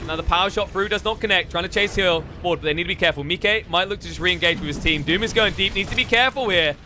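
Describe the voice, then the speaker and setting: A man casting a live video game match with rapid, excitable play-by-play. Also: high voice, over music. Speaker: esports caster.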